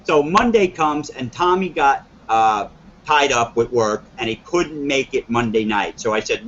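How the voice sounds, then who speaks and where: A man's voice: medium pitch, expressive, moderate pace, a bit bright, a little hiss or hum. Rambling man telling a tale, dull audio. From northern New Jersey. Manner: rambling, earnest, full of quoted dialogue and restarts. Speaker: guest telling his story. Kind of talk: live-streamed storytelling interview.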